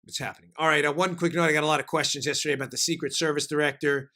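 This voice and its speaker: A man hosting a political show throws out emphatic, punchy lines. His voice sits high for a man. It has a bright, forceful edge. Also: steady tone. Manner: emphatic, fast-shifting, punchy delivery. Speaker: host. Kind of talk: political talk show commentary.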